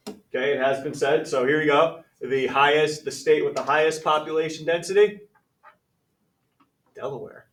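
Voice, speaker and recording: On the high side with fairly even intonation and normal speed, a male math teacher leads his class in a conversational, upbeat manner, calling students by name. The sound comes from far off in an echoey classroom.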